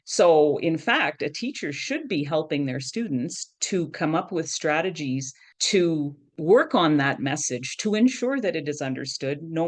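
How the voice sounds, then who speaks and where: A middle-aged woman, a professor of education, explaining things in a conversational interview and often checking in with "right?". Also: low-pitched. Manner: explanatory, frequently adds "right?".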